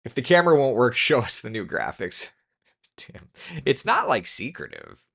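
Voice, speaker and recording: A man's voice: medium pitch, wildly swooping pitch, moderate pace, vocal fry, fairly bright tone, breathy edge. A man hosting a casual weather live stream, chatty and joking with viewers as he reads through the forecast. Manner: chatty, talks to the computer in mock frustration.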